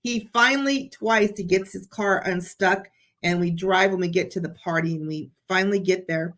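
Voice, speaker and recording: A woman chatting as a guest, telling a story in an excited, animated way. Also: on the low side, moderate pace. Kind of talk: casual chat.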